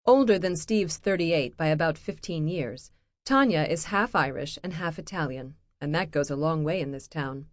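A woman narrating an audiobook in a steady, measured read, recorded close in a studio booth. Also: low-pitched, dry recording.

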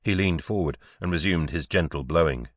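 Very deep male audiobook narrator. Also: fairly quick, dry recording, clean studio sound. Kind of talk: scripted narration.

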